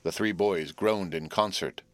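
A man narrating an audiobook in a measured storytelling manner. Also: deep voice, dry recording.

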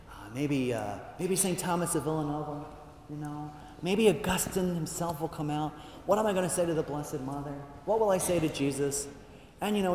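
Man, priest, telling jokes, chatty and animated, slightly high voice, echoey hall. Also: slight background noise. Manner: chatty, animated storyteller with fillers. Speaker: priest speaker. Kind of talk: humorous talk with jokes. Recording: echoey hall with long reverb.

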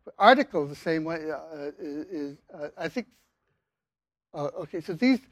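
An older man giving a university linguistics lecture, speaking haltingly with many fillers and restarts. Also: fairly high pitch, lively intonation, no echo. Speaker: linguistics professor.

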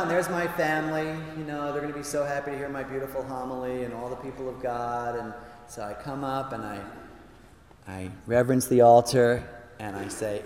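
A man's voice: mid-range voice, brisk. A man, a priest, giving a humorous talk to an audience, telling stories with playful asides. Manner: playful storyteller with frequent asides. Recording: roomy hall reverb, faint background noise.

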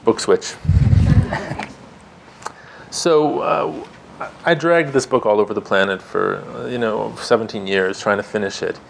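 A man reads from his own memoir in a calm, measured voice that sits on the low side. He grew up in Canada and the United States. A faint background hiss runs under the recording. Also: gravelly, poor audio. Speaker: author.

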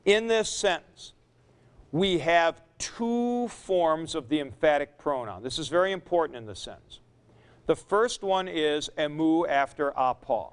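A man's voice: fairly high pitch, sing-song, measured pace, smooth. A man teaching a Greek grammar class. He stops to correct himself and repeats the key points. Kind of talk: lecture.

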